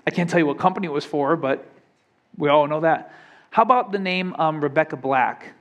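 Young man, pastor, conversational sermon, fairly high voice, quizzes the congregation. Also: brisk, dull audio. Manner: conversational preaching, asks congregation questions.

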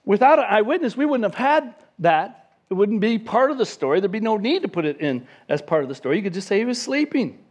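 High-pitched guy preaching a sermon, gets animated and plays out the voices. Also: brisk. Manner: animated, acts out the disciples' voices. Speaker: pastor.

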